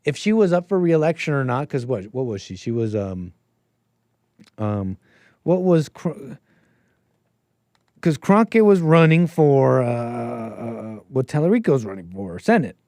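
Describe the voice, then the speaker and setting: A man's voice: medium pitch, very animated, measured pace, a little mellow, dry recording, studio quality. Rambling man hosting a politics stream. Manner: rambling, laughs often, thinks aloud. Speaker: host. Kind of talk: casual political commentary stream.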